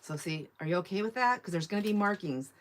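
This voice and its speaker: A woman's voice: medium pitch, lively intonation, quick pace. A woman hosting a live online sale, chatting casually and rambling as she reads viewer comments aloud. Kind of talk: casual live-stream sales chat.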